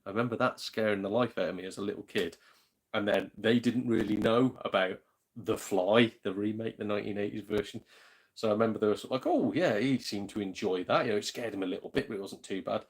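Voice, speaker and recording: Gaming host, British man, slightly low voice, loose rambling live-chat delivery. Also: fast talker. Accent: British English. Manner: chatty, rambling, swears mildly, drops to a hush. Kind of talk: casual live-stream chat. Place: home.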